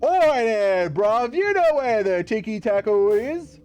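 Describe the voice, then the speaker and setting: A man's voice: high-pitched, sing-song, slow pace, a little mellow, clear, resonant tone, faint music behind, voice pushed up, heavily acted. A man putting on a cheeky fake British bloke, with an exaggerated put-on accent.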